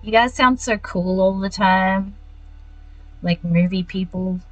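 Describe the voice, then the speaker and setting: An Australian woman playing a video game on a live stream, talking to her chat at a mid-range pitch. She mutters about her moves and laughs easily, with soft game music playing faintly behind her. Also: takes it slowly, dull audio. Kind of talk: casual gameplay chat with live viewers.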